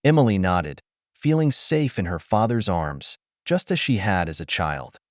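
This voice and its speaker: A man narrating a dramatic story in an even, unhurried way. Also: low-pitched, no room sound, studio quality.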